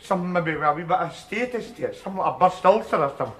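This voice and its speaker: A man's voice: high voice, expressive, racing, background noise. A man with a Glaswegian accent, playing a scruffy, sardonic middle-aged man in a jail cell who rambles and stammers through restarts. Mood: sardonic rant. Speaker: sitcom lead. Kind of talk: sitcom monologue.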